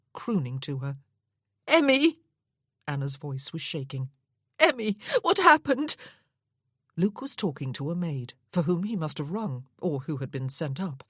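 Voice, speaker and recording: A woman narrating a Regency romance audiobook in a steady, measured way. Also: sits low, breathy edge, dry recording, studio quality. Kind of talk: reading a Regency romance novel aloud.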